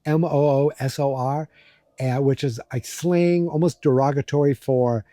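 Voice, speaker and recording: Mellow, rambling male podcast host. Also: medium pitch, fairly even intonation, measured pace, dry recording. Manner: rambling, joking, many fillers. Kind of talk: casual episode recap.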